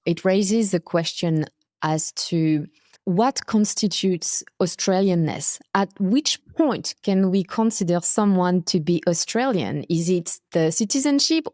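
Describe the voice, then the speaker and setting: A woman hosting a podcast who speaks in a thoughtful, measured way in casual conversation. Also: lowish voice, darkish tone, dry recording, clean studio sound. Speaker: podcast host.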